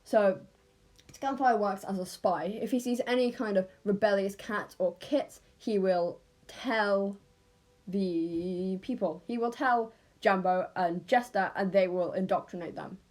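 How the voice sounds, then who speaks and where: A woman's voice: mid-range voice, unhurried, a little mellow. A woman with an English accent, telling an unscripted story in a casual, rambling way and often correcting herself.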